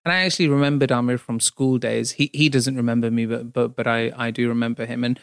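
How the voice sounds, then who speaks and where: A young, well-spoken man with a slightly snobby edge recalls meeting his partner. His mid-pitched voice is gravelly with a lot of fry, and his delivery is measured. The recording is close and dry. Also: flat delivery, no room sound. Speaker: interviewee. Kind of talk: candid storytelling.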